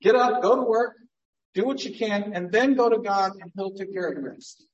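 A man's voice: high-pitched, moderate pace, far from the mic, muffled recording. Male pastor mid-sermon, casual and emphatic by turns, heard from a bit off the mic. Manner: conversational preaching, swings between emphatic and hushed.

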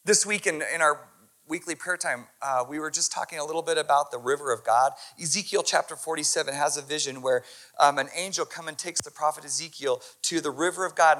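A male pastor preaching an impassioned sermon that swings from hushed to loud. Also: a little high, fairly quick.

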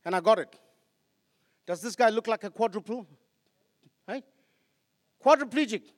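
A man preaching passionately as a pastor, swinging between loud outbursts and quiet asides. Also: sits high, lively intonation, measured pace. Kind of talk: sermon. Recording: long hall reverb.

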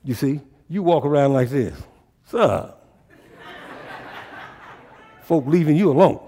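A man preaching a sermon in a call-and-response style, often climbing into loud exhortation. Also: fairly high pitch, a little fast. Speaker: pastor.

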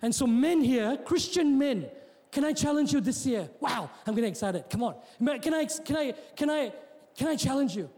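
A man's voice: very high voice, lively intonation, moderate pace. A man preaching a sermon as pastor, mixing jokes with rousing calls and often repeating and restarting his words. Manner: preaching with joking asides, rising to shouts. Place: church hall. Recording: long hall reverb.

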